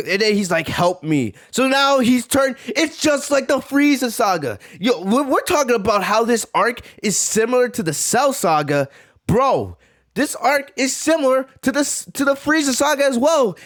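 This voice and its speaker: Excitable male reaction-video host, casual slang, high and very animated voice. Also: moderate pace. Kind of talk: live reaction commentary.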